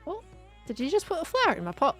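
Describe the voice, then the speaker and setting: An Australian woman chats on her stream, playful and quick to giggle. Her voice sits slightly high and moves in lively swoops. Soft music plays faintly in the background. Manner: giggly, playful, laughs often. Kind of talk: casual chat while gaming.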